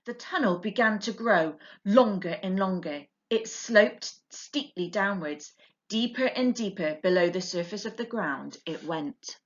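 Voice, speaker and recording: A woman reading a children's book aloud in an expressive, animated way, heard through a dull lo-fi recording. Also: medium pitch, unhurried. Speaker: storyteller.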